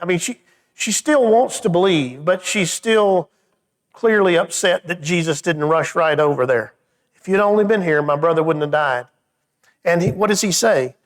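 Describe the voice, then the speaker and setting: High-voiced man teaching a church Bible study. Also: normal speed. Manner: conversational, stammering restarts, voice drops when reflective.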